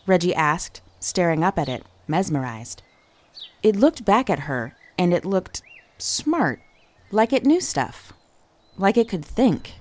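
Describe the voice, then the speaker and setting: A woman reads a story aloud in a lower register. Her delivery is highly animated, with wide swings in pitch as she slips into each character. The style is expressive storybook narration. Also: slow pace. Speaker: audiobook narrator.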